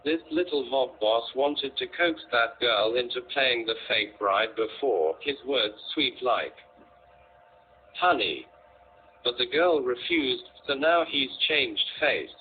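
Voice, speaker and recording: A man narrating an audiobook in a measured, even reading voice. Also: mid-range voice, husky. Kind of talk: scripted narration. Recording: tinny, lo-fi, faint noise.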